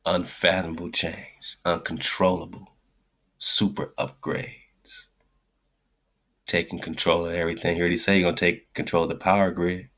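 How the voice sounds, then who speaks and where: A man's voice: low-pitched, flat delivery, moderate pace, a bit bright. A man hosting a radio show, giving blunt, slangy, profane commentary on a clip he is playing and repeating his points.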